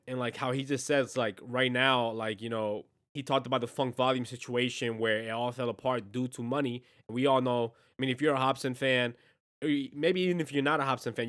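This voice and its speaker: A man's voice: medium pitch, a bit bright. A man hosting a music reaction video, talking casually and earnestly in slang, emotionally moved by the track. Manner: slangy, earnest, keeps saying "bro" and "man".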